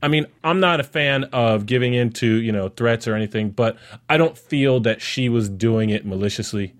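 A man hosting a casual podcast chat, recapping a reality show and acting out what people said. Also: moderate pace. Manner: animated, acts out quotes with raised pitch. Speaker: podcast host.

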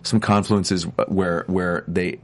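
A man's voice: sits low, flat delivery, slow. A middle-aged man, an actor chatting as an interview guest, rambling with many restarts and stammers. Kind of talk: casual chat.

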